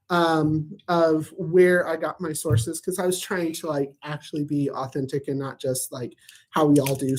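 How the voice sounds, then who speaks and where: Rambling playful man hosting news. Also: a little high. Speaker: host of a weekly positive news show. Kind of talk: casual comedic news recap. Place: at home in Tulsa.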